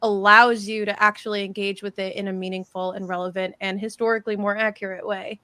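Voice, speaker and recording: A woman with a bright voice in a dry, close recording talks about theater as a teacher would. She is animated and emphatic and slips in jokes. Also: mid-range voice, fast talker, no echo. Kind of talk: casual panel discussion.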